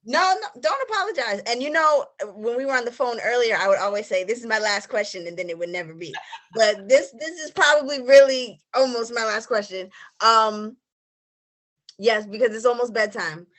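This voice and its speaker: A woman's voice: on the high side, normal speed, a bit bright. A woman hosting an author interview, chatty and friendly, reading passages aloud over a video call. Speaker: interviewer host.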